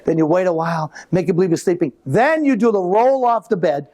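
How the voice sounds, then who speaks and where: A middle-aged man performing live stand-up comedy, telling animated stories and acting out voices. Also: sits high, fairly quick. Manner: animated storytelling with acted-out voices. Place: live venue with an audience.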